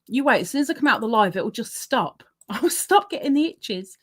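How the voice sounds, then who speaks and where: A woman's voice: a little high, expressive, a little fast. A woman hosting a casual livestream, chatting, reading viewer comments aloud and laughing often. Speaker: livestream host.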